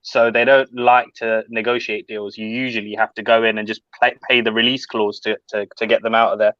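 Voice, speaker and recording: Male panelist, even explanatory delivery, recorded on a dull, dry mic. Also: on the low side, no echo. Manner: measured, explanatory. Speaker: podcast panelist. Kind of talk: casual football podcast chat.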